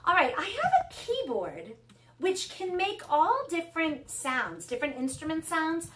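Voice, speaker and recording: A middle-aged woman teaching an online music lesson to young children, encouraging and clear. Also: extremely high pitch, very animated. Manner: bright, encouraging, speaks slowly and clearly to kids.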